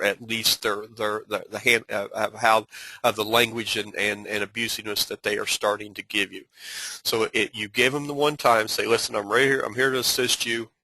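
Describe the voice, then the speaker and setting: A man giving an instructional talk on handling difficult customers, earnest and advising, with frequent halting restarts and fillers. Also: fairly low pitch, bright, forceful tone, no room sound, low-quality recording. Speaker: customer service trainer.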